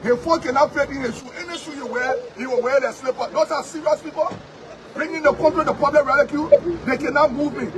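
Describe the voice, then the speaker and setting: A man's voice: very high voice, fairly even intonation, fast talker, crowd noise. A Liberian man and politician giving a combative, repetitive street interview outdoors. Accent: Liberian English. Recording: crowded street with sirens and noise.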